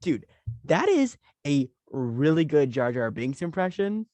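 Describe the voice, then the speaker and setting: Lively, excitable man. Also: fairly high pitch, dry recording. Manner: excitable, playful, quick to joke. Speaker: podcast co-host. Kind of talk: casual movie podcast chat.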